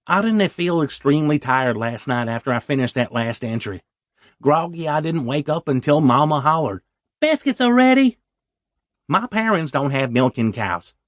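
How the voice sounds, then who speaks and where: A man's voice: medium pitch, animated, normal speed, fairly bright tone, no room sound, studio quality. A man narrating a first-person audiobook story in a wry, self-deprecating way.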